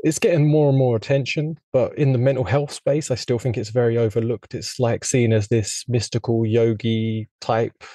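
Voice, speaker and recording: A man's voice: medium pitch, fairly even intonation, moderate pace, hardly any pauses, warm tone, no echo. A middle-aged man hosting an interview, speaking in an earnest, reflective, rambling way over a video call. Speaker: podcast host. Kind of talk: casual interview conversation.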